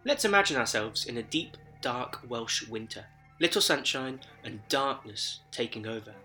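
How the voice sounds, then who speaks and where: A man hosting a podcast, reading a scripted narration in a measured, storytelling way while his voice sounds slightly deep and sick from a head cold. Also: big pitch swings, pushed and bright, soft background music. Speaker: podcast host.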